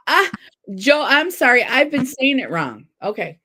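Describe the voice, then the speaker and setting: A woman's voice: high voice, sing-song, measured pace, pushed and bright, poor audio. A woman hosting a casual trivia livestream, reading out questions, spelling words and laughing at her own slips. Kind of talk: casual chat.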